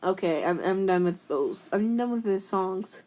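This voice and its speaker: A woman's voice: mid-range voice, expressive, measured pace, a little mellow. A woman casually reading memes aloud, giggly and playful, slipping into silly voices. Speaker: meme reaction video maker. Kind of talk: casual meme reading commentary.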